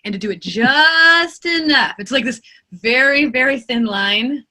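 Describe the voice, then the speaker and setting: A woman with a bright, forceful voice sitting a touch higher than most, talking about her narration work. She speaks in an animated, expressive way, as an experienced voice actor would. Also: a little slow. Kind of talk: interview answers.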